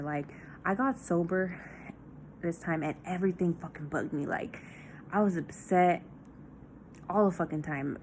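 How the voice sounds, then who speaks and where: Candid woman with a lowish voice. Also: a little hiss or hum. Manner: raw, confessional, heavy swearing, many fillers. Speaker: vlogger. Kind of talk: candid personal diary vlog.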